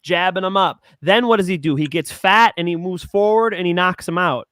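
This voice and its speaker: High-voiced animated sports podcast man. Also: brisk, smooth, no echo. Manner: animated, swearing, rising emotion. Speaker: co-host of a betting picks show. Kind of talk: casual podcast chat.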